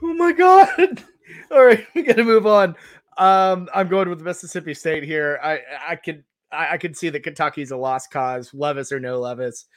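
Higher-voiced man hosting, dry mic. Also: moderate pace, a bit bright, no echo. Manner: laughing easily, hesitant fillers. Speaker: podcast host. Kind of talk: casual sports podcast banter.

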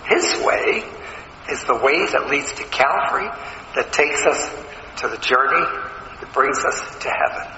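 A man's voice: medium pitch, expressive, moderate pace, pushed and bright, a little hiss or hum. A man preaching a sermon, earnest and emphatic, asking his listeners questions. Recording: echoey hall, slightly dull sound.

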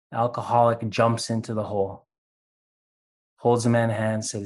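A man speaking candidly in a video call interview, earnest and halting with many restarts, sometimes acting out voices as he tells a story. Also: mid-range voice, flat delivery. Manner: acts out voices in a parable. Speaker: interview guest. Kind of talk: candid conversation about recovery.

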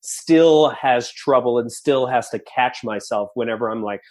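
A man's voice: medium pitch, unhurried, darkish tone. A man in his forties, a podcast guest, talking casually and energetically with lots of restarts. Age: 40s.

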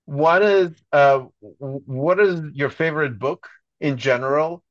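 A man's voice: mid-range voice, no room sound. A man hosting a podcast, asking his guest questions with lots of restarts and fillers. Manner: hesitant, filler-heavy questioning. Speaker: podcast host. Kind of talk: interview questions. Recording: dull, dry lo-fi audio.

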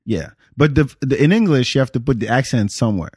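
A man's voice: mid-range voice, lively intonation, quick pace, a little mellow, slightly rough, no room sound, clean studio sound. Stammering laid-back man from Africa. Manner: stammers and restarts, laughs easily. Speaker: podcast host. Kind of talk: casual podcast chat.

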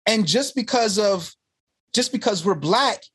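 This filmmaker guest has a high, slightly rough voice and takes his time as he shares stories conversationally. Animated throughout, he plays the characters and gives their lines lively voices.

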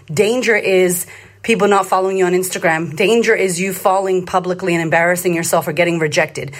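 A woman in her thirties from Australia, a confidence coach talking live to her followers in a blunt, emphatic way, swearing freely and repeating phrases for emphasis. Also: lowish voice. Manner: repetitive, rallying cadence. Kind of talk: live social media talk to followers.

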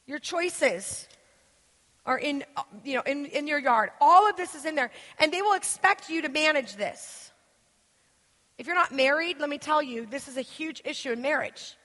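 A woman teaches a church gathering in a high, bright voice, animated and acting out the people she quotes. Her words ring with the long reverb of a large hall. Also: moderate pace. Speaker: guest speaker.

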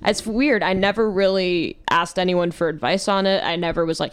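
A woman's voice: lowish voice, normal speed, few pauses, clean tone. A young woman hosting a podcast, talking in a rambling, reflective way with lots of fillers. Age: young adult. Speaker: podcast host. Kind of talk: casual chat.

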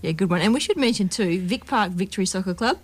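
A woman's voice: medium pitch, lively intonation, fast, breathy edge. A woman co-hosting a radio show from the studio, chatting casually with fillers and frequent laughs. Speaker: radio co-host.

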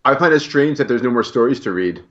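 A man's voice: mid-range voice, animated, fast talker, fairly bright tone, highs cut off. A man co-hosting a casual podcast, wry and joking, sometimes stumbling over his words. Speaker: podcast co-host.

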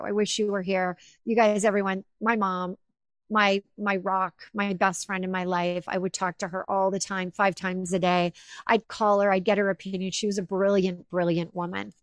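A woman hosting an interview, retelling a personal story in animated, emotional bursts. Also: medium pitch, dry recording, clean studio sound. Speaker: podcast host. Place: home office with windows.

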